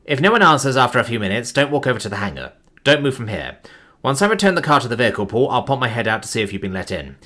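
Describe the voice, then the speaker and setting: A man voicing a gruff woman chauffeur who speaks formally and a little awkwardly. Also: mid-range voice, sing-song, racing, pushed and bright. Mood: earnest.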